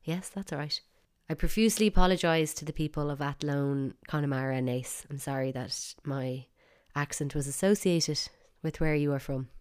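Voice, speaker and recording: A woman's voice: deep voice, normal speed, hardly any pauses, a little mellow, smooth. A woman with an Irish accent hosting a solo podcast, chatty and wry, with bursts of mock outrage. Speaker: podcast host.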